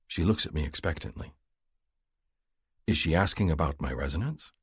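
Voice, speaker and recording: A man narrating a story in first person, with a measured, grave delivery. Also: deep voice, husky, dry recording, clean studio sound. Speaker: audiobook narrator.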